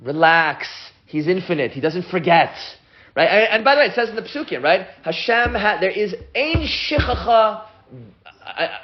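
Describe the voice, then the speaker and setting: A man teaching a lively class as a rabbi at a whiteboard, excitable and often stopping to restart his sentences. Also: high voice, moderate pace, echoey room, muffled recording. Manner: excitable, self-interrupting, stumbles over restarts.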